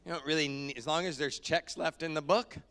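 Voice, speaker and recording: A man leading a casual church welcome, joking and chatting in an easy, unhurried way. He sounds like a down-to-earth pastor speaking to his own congregation in the sanctuary. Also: on the high side, steady tone, bright, forceful tone.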